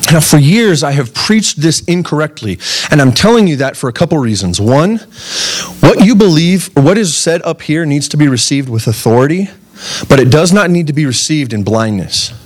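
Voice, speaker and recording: A young adult man, a pastor, preaching a sermon in an earnest, animated way, often asking the congregation questions. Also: fairly high pitch, moderate pace.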